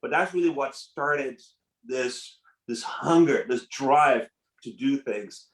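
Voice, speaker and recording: A man's voice: mid-range voice, slow pace, roomy sound, poor audio. A man whose first language is French, who grew up in Nigeria and Canada, telling his life story as a podcast guest and acting out the voices of people he quotes. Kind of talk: casual storytelling interview.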